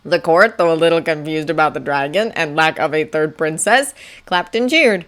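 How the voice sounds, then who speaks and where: A woman narrating a fanfiction audiobook with a steady, expressive reading. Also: sits low, moderate pace. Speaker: audiobook reader.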